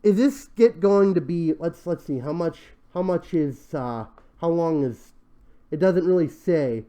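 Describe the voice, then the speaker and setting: A man's voice: on the high side, animated, unhurried, mellow. A young man hosting his own commentary show, talking casually and sarcastically, exasperated, with frequent sighs and restarts. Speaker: show host. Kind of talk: commentary on crowdfunding pitches.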